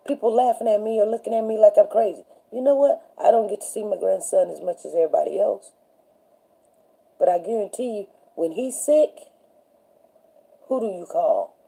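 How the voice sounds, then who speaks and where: Husky, very dark-voiced middle-aged woman. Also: medium pitch, poor audio. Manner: rambling, storytelling, often asking "you know what I'm saying". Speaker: host of a live talk show. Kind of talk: casual livestream chat.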